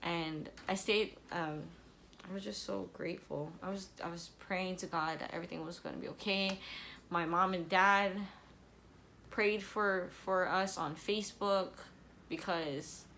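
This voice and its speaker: A woman's voice: lowish voice, steady tone, measured pace, a bit bright, slight background noise. A young adult woman telling a personal story in a vlog, candid and emotional, sometimes tearful and apologizing. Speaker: vlogger.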